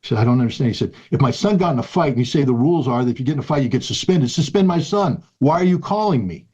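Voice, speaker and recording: A man's voice: medium pitch, expressive, racing, darkish tone, husky, lo-fi sound. A man in his sixties in an interview, telling a personal story in an earnest, emphatic way and repeating key phrases. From United States. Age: 60s. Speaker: guest.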